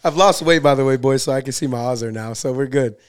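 A man's voice: medium pitch, quick pace, clear, resonant tone. A man guesting on a casual podcast, cutting in with playful jokes.

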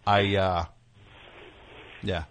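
A man hosting a comedy talk show who rambles from one riff to the next with a sarcastic edge. His voice sits fairly low, and his banter is loose and conversational. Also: little pitch movement, very slow, fairly bright tone. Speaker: radio show host.

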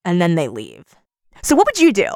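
A woman's voice: fairly low pitch, huge pitch swings, fairly quick, darkish tone, no echo, studio quality. A woman co-hosting a podcast, retelling a story in casual chat and acting out each character's lines. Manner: retells scenes by acting out quotes with "he's like". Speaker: podcast co-host.

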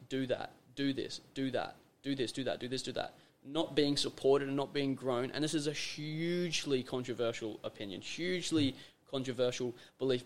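An Australian man hosting a casual podcast conversation, talking emphatically, repeating phrases for effect and acting out little scenes. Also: mid-range voice. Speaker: podcast host.

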